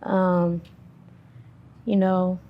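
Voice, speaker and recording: Low, flat-voiced woman telling her story. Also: narrow, tinny audio. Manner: halting, many fillers, quiet and subdued. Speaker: interviewee. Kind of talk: personal testimony.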